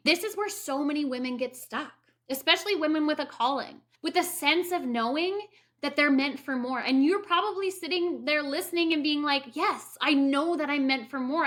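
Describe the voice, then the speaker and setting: A woman in her thirties telling a candid personal story as a coach for women, blunt and swearing freely. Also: sits high. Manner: animated quoted asides.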